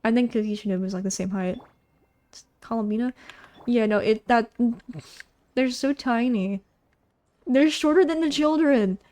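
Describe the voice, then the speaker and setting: A woman's voice: fairly high pitch, normal speed, pauses often, darkish tone. A young woman giving casual, rambling gameplay commentary, gushing and bubbly with lots of fillers. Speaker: gaming YouTuber.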